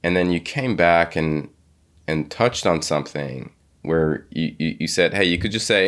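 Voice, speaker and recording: A low-pitched man hosts a relaxed interview. He talks haltingly, circling back and restarting his sentences often. He slips into quoted speech as he tells a story. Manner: hesitant, many restarts and repeated words. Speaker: podcast host. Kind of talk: conversational interview.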